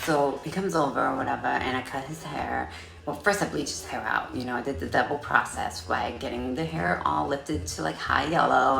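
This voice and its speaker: Sassy low-voiced woman, gravelly and bright. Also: roomy sound. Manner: sassy, profane, animated storytelling. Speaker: vlogger. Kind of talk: casual storytelling vlog.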